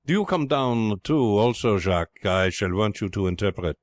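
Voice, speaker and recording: A man's voice: fairly low pitch, lively intonation, normal speed, no room sound, clean studio sound, lightly acted. A man voicing a brusque, mocking privateer captain who speaks bluntly and commandingly in a storybook reading.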